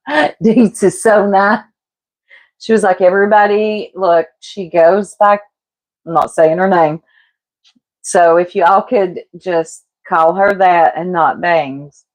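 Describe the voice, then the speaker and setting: Cooking on a livestream, a woman with a lowish voice talks slowly with long pauses. She's casual and gossipy, laughing and teasing as she addresses her viewers as "y'all."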